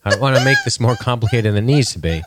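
A man co-hosting a podcast, chatting casually in animated, mock-outraged rants full of swearing and laughter. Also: mid-range voice, racing, very noisy. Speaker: podcast co-host. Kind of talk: casual recap chat.

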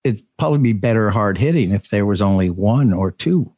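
Hesitant man agreeing in halting phrases. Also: on the low side, expressive, darkish tone, dry recording. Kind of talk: casual podcast chat.

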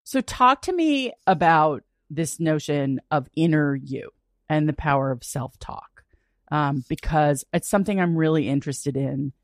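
A woman's voice: low-pitched, animated, unhurried, no echo, clean studio sound. A woman hosting a podcast interview, candid and enthusiastic, swearing freely. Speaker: podcast host.

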